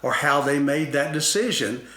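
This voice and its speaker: A man explaining ideas about self-concept in a slow, deliberate talk-show conversation, with many fillers and restarts. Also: on the high side, pushed and bright, echoey room. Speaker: guest expert on self-concept.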